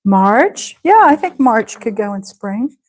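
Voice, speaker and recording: On a low-quality recording, a very animated woman with a high voice teaches English live online. She keeps a slow, patient pace and stretches words out so learners can hear how they're said.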